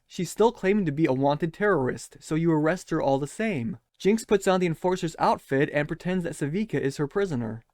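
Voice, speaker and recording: A man's voice: fairly high pitch, a little mellow, no echo, studio quality. A man giving scripted, sarcastic commentary as a show critic, scathing, mocking and profane.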